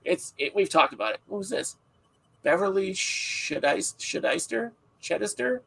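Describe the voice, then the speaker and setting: A man's voice: high voice, lively intonation, normal speed, creaky, sharp tone, breathy edge, poor audio. A man hosting a casual livestream podcast, rambling and joking with frequent laughs, sounding tired. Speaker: podcast host.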